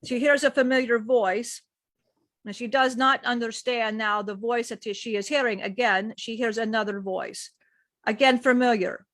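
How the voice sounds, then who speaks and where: A woman's voice: on the high side, fairly even intonation, moderate pace, a bit bright, no echo. A woman, a spiritual teacher, who tells a channeled story in an earnest, rambling way. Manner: earnest, rambling retelling with frequent "he said".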